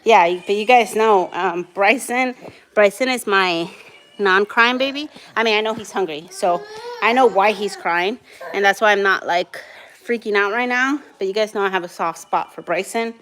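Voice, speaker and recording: A woman's voice: medium pitch, moderate pace, fairly bright tone. A young woman vlogging as a mother of quadruplets, chatting casually and switching to soothing baby talk. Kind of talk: casual vlog chat.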